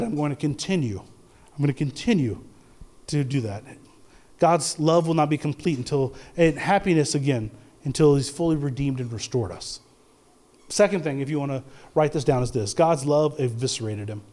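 A man's voice: medium pitch, moderate pace, warm tone. A man preaching a sermon in a conversational way, with stumbles and restarts, rising to emphatic peaks. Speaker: pastor.

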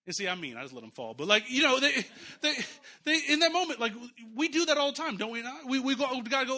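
A man's voice: very high-pitched, expressive, quick pace, pushed and bright. A man preaching a sermon in a church, talking conversationally with chuckles and repeated phrases. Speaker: pastor.

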